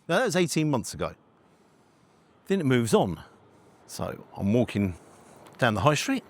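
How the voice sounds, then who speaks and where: A man, a food reviewer, telling a story in an animated way and acting out conversations. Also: mid-range voice, normal speed, long pauses. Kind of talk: storytelling vlog.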